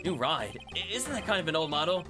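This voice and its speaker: A man's voice: a little high, big pitch swings, fast. A man voicing an earnest, flustered young male lawyer in plain replies over game music.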